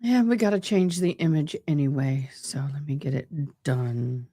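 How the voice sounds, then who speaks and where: A woman's voice: low-pitched, expressive, moderate pace, dark tone, no echo, studio quality. A woman hosting a live stream, chatting casually with viewers and joking between court proceedings. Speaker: livestream host commenting on a trial.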